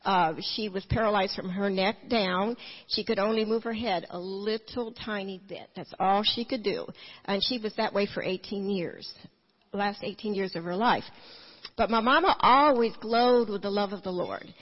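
A woman's voice: medium pitch, normal speed, big-room sound, muffled recording. A woman telling her personal testimony in church, earnest and full of restarts. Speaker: testimony speaker.

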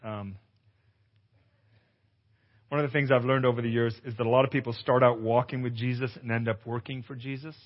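A male pastor giving a testimonial sermon at a conference, an animated storyteller who acts out dialogue and exclaims loudly. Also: medium pitch, a little fast, pauses often. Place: conference hall. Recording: echoey hall, dull lo-fi sound.

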